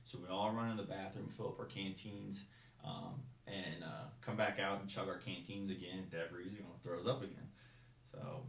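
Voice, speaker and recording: A young man casually telling stories in a rambling way, restarting sentences and acting out shouted lines. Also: low voice, lively intonation, normal speed, gravelly, roomy sound. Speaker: guest. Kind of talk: casual storytelling.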